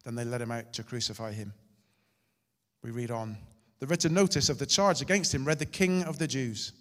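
A male pastor preaching a sermon, swinging between loud and hushed delivery. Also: medium pitch, fairly quick. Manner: dramatic, shifting loud and soft. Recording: hall reverb.

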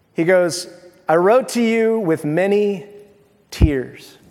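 A pastor with a high male voice preaches a sermon in a conversational, animated style, acting out little everyday scenes. His voice carries big-room sound.

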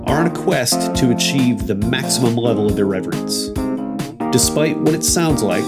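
A man's voice: medium pitch, lively intonation, normal speed. Man narrating in mock-epic tones. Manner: mock-grand, solemn storytelling. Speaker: podcast narrator. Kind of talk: scripted narration. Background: loud music.

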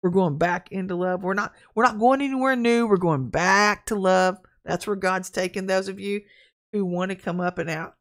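A woman preaching an informal online sermon, talking frankly and conversationally and telling lively stories from her own life. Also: mid-range voice, moderate pace. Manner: candid, conversational, animated storytelling. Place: at home, in front of a camera.

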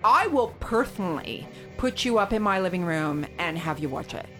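A woman's voice: lowish voice, animated, moderate pace, a bit bright, soft background music. A woman in casual podcast chat, gushing with theatrical exaggeration. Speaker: podcast co-host.

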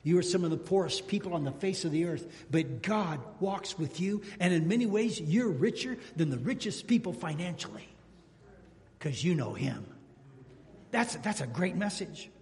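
A man preaching a sermon as pastor, animated and calling out to the congregation. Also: on the high side, normal speed, in a large hall. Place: church sanctuary.

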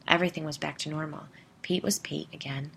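Woman reading as a hushed grown man. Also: low-pitched, fairly even intonation, fairly quick, vocal fry, a little hiss or hum, heavily acted. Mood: solemn. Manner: hushed, half-whispered. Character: grown man recalling childhood haunting. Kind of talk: storytelling narration.

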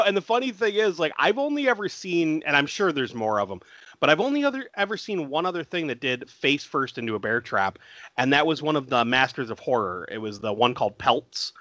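A man's voice: mid-range voice, animated, moderate pace, pushed and bright, no echo. A man co-hosting a casual film chat, recapping scenes and laughing often.

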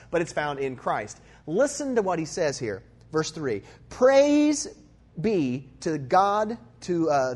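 A man delivering a sermon in a talky, conversational manner. His voice sits a little on the high side and swings between forceful emphasis and low, quiet asides. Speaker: preacher.

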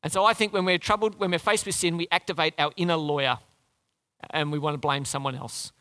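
A man preaching a sermon in a lively, conversational way, often asking the congregation questions. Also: on the high side, fairly quick, smooth, no room sound. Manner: lively, conversational, asks the crowd questions, restarts.

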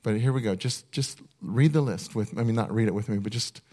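A male pastor giving a sermon in an earnest, conversational way, often restarting his sentences and slowing down to read a list one item at a time. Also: fairly low pitch, mellow.

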